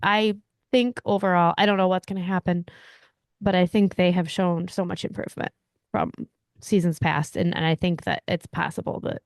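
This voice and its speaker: A woman's voice: lowish voice, fairly even intonation, moderate pace, dry recording, clean studio sound. A woman co-hosting a podcast, chatting casually in a wry, guarded, matter-of-fact way. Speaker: podcast co-host. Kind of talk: casual chat.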